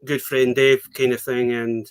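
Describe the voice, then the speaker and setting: A man's voice: mid-range voice, little pitch movement, unhurried, smooth, no echo. A Scottish man chatting as a guest on an online show, easygoing and laughing as he explains. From Scotland. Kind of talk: casual chat.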